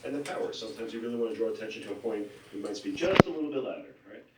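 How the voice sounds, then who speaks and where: A man giving encouraging feedback on a reading at a congregation meeting, halting now and then with fillers and restarts. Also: mid-range voice, lively intonation. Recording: echoey hall, distant mic, faint hiss.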